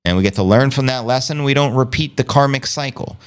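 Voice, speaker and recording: A man's voice: medium pitch, fairly quick, smooth. A man hosting a casual livestream, reading viewer comments aloud in a laid-back, slangy way. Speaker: livestream host.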